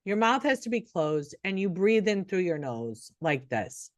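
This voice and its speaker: A woman's voice: fairly low pitch, very animated, a little slow, dry recording. Earnest middle-aged woman, dry close sound. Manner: earnest, encouraging, many restarts. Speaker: nurse and co-host. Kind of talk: casual podcast chat.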